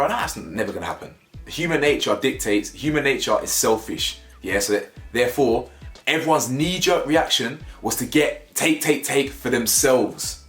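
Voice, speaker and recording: A man's voice: medium pitch, fairly bright tone. A young man with a London accent, ranting to camera in a rambling, slangy, emphatic way and repeating his points. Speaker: vlogger. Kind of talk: opinionated rant to camera. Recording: echoey room.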